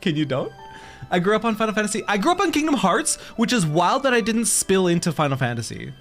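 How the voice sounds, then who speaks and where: Animated young male game streamer. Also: high-pitched, fast talker, faint music behind. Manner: chatty, joking, reacts to chat. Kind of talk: casual game streaming commentary.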